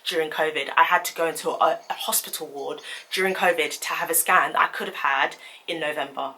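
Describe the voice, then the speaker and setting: A young woman telling a story in a vlog, animated and indignant as she recounts it. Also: low voice, a little fast, low-quality recording. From United Kingdom. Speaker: vlogger.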